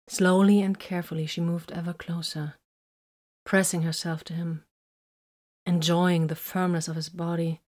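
A woman narrating a romantic story in a soft, intimate, often whispered reading. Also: lowish voice.

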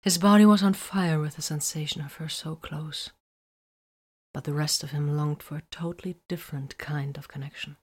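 A woman reading romantic fiction aloud in a soft, breathy voice that often drops near a whisper. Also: low-pitched, fairly even intonation, moderate pace. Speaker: narrator.

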